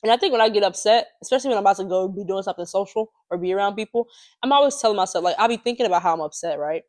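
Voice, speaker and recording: Young female podcast co-host, mid-pitched voice, loose and chatty storyteller, laughs a lot. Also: very fast. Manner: chatty, animated, laughs often, many fillers. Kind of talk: casual storytelling chat.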